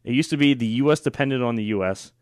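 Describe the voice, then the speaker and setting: A man's voice: medium pitch, fast, darkish tone, no echo, clean studio sound. A man hosting a political talk show, opinionated and sarcastic, with frequent fillers and restarts. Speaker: radio show host.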